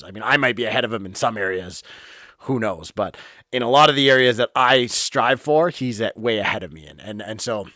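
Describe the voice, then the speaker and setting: Podcast host, male, blunt and heated, middle pitch, dry room. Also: pushed and bright, no echo. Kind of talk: casual opinion monologue. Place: home office.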